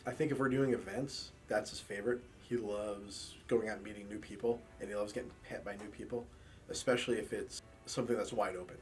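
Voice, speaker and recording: With soft music in the background, a man with a fairly low pitch tells stories briskly in a documentary interview. He's a campus police officer and support dog handler, casually dramatizing the dialogue he quotes.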